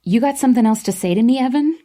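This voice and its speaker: An angry, defensive young man, read out by a woman narrator in an audiobook, clipped and bitter. His lines come low and icy cold, each word bitten off short. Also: measured pace, darkish tone.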